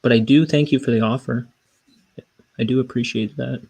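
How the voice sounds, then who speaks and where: A man's voice: mid-range voice, steady tone, moderate pace, vocal fry, darkish tone, breathy edge, low-quality recording. A young man chatting casually on a livestream, rambling and self-deprecating, with hesitant restarts. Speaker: cartoonist streamer.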